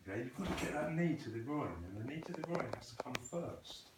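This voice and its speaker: A man's voice: a little high, animated, quick pace, noisy background. A man teaching a student krav maga, patiently correcting technique and asking questions in a training hall. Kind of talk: coaching a student in a class. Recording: echoey room, voice from a distance.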